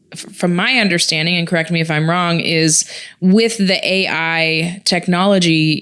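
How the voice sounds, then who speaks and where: A woman co-hosting a podcast, chatting in a relaxed, slightly hesitant way. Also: on the low side, clear, resonant tone. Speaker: podcast co-host. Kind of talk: casual podcast chat.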